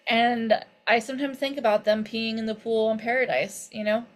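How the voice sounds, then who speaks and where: A woman in casual podcast chat, easygoing and agreeable, quick to laugh. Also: a little high, fairly even intonation. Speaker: podcast co-host.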